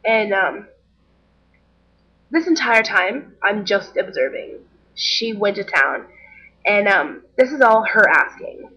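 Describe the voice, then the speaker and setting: A chatty young woman tells a story straight to the camera, acting out the people she quotes as she goes. Her voice is a little husky, and the audio sounds dull and lo-fi. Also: mid-range voice, lively intonation, slow pace, long pauses, bright, forceful tone. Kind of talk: casual storytelling vlog.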